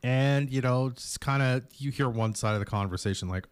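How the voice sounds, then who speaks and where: A man hosting a morning radio show, telling stories in a casual, animated way and slipping into put-on voices. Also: mid-range voice, a little fast, hardly any pauses, no room sound. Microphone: studio microphone.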